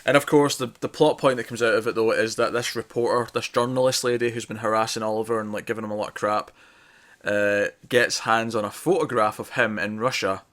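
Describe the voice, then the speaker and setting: A man's voice: on the low side, steady tone, a little fast, a bit bright. Rambling man chatting about TV. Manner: rambling, self-correcting, laughing often. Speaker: podcast co-host reviewing TV. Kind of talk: casual review chat.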